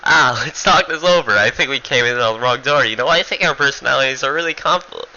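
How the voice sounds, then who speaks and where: A man voicing a manic, sly young man who mocks his foe in a high, playful sing-song. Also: brisk, sharp tone, dull audio. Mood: mock friendly.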